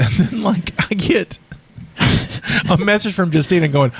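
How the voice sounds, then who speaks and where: Big guy hosting a podcast, super expressive voice, keeps acting out what people said. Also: a little high, moderate pace, slightly rough. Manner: animated storyteller, acts out quotes with laughs. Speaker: podcast host. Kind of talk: casual chat.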